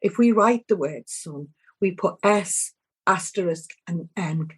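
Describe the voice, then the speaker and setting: An older Liverpudlian woman gives an interview, her low-set voice full of conviction. She talks in a halting way, often restarting her sentences as she presses her point. Her Scouse accent comes through in every phrase. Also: breathy edge. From England. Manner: impassioned, halting, with frequent restarts. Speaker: activist guest. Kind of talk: emotional interview testimony.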